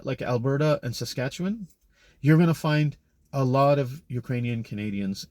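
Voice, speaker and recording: A man's voice: on the high side, darkish tone, no echo. A man talking in a casual monologue, rambling and opinionated, often correcting himself mid-sentence. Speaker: commentator.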